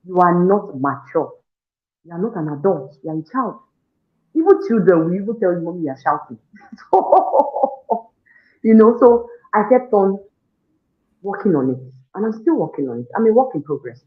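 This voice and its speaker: A woman with a Nigerian accent giving an animated testimonial, acting out her own scolding and prayers and laughing often. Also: mid-range voice, moderate pace. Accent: Nigerian English. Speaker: parenting program participant. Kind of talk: testimonial interview. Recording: echoey room on a tinny phone-like line.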